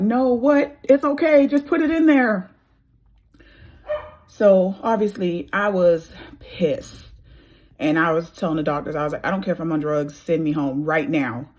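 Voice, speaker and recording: A woman in her thirties telling her own story casually, acting out the voices of people she quotes. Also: low-pitched. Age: 30s. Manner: animated, acts out quoted dialogue.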